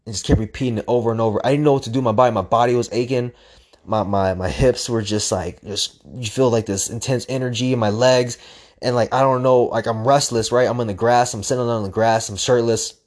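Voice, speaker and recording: A young man telling a story in a casual, intense way, swearing often, repeating phrases and acting out his own inner voice. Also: mid-range voice. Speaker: storyteller recounting a hard run.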